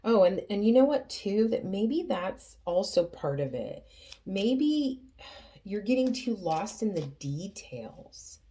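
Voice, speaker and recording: A woman giving a tarot reading to her viewers, earnest and emotional, often pausing and restarting her sentences. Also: medium pitch, big pitch swings, dark tone. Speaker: tarot reader.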